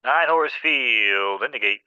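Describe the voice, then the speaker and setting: Male race caller, tense bright timbre, dry slightly dull audio, playful rapid delivery. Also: medium pitch, animated, smooth, no echo. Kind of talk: race commentary.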